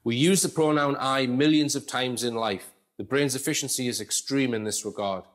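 A man talks through his commentary in a casual, conversational way at a mid pitch. He reads quotes aloud and breaks off for asides to the listener. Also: moderate pace. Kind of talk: explanatory commentary.

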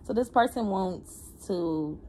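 A woman's voice: medium pitch, slow. Woman doing a card reading, loose slangy talk, hums n laughs, bit of faint hiss behind. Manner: animated, slangy, laughing and humming between lines. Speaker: tarot reader. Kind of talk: casual spiritual reading.

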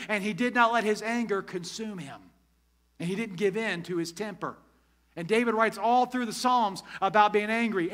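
Male pastor, high bright voice, emphatic sermon delivery in church. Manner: emphatic preaching, asks the congregation questions. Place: church sanctuary.

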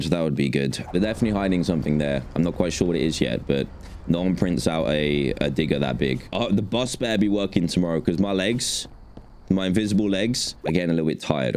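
A young man giving jokey, excitable let's play commentary and chattering to the game characters as he plays. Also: low voice, a little hiss or hum. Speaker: gaming video host.

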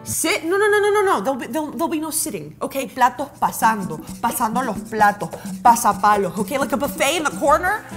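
A young woman playing an excitable bride in a comedy sketch, rattling off plans and dropping Spanish phrases into her English. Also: high voice. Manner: excitable and rapid-fire, veering into loud outbursts. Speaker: bride planning a wedding. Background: music.

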